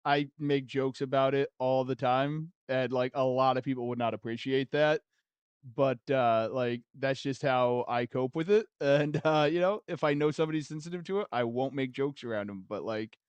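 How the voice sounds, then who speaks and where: A laid-back man chatting on his game stream, his voice smooth and resonant at an ordinary pitch. He talks loosely with plenty of fillers and laughs often. The sound is dry and close, with no room around it. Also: moderate pace, no echo. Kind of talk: casual chat with stream viewers.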